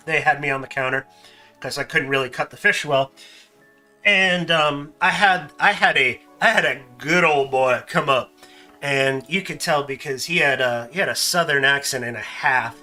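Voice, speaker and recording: A man hosting a casual stream, telling animated stories and laughing often. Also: on the high side, normal speed, faint music behind. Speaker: streamer host. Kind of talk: casual chat.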